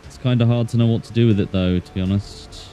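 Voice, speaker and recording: A man with a low, mellow voice chats casually as he streams a game, slipping into a put-on Australian accent. He talks in a playful, self-mocking way, with faint music behind him. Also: steady tone, quick pace. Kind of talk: casual gameplay commentary.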